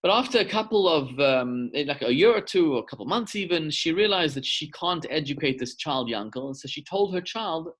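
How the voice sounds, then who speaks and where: A man's voice: on the high side, lively intonation, brisk, hardly any pauses, fairly bright tone. A middle-aged male rabbi giving a sermon over a video call, telling a story and repeating words for emphasis.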